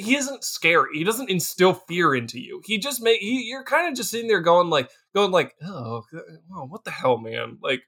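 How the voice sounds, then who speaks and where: A young man co-hosting a casual movie review podcast, talking in an animated, profane way with lots of restarts and playful quoted voices. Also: sits high. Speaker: podcast co-host.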